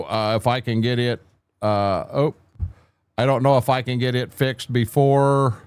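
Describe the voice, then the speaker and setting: An older man giving casual commentary as a game streamer, halting and repeating words as he thinks. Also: medium pitch.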